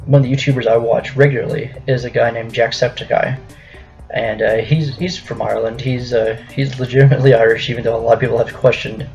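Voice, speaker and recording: Young American male vlogger, halting delivery, gravelly edge, dull lo-fi recording. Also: medium pitch, darkish tone. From United States. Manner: hesitant, many ums and restarts. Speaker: YouTuber host. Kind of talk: casual vlog commentary. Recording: dull lo-fi with faint music.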